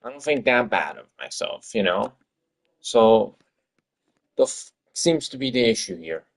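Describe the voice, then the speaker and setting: A man's voice: on the low side, expressive, a little slow. A man streaming his game-development work, talking to himself in an exasperated, swearing rant. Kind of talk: livestream commentary while working.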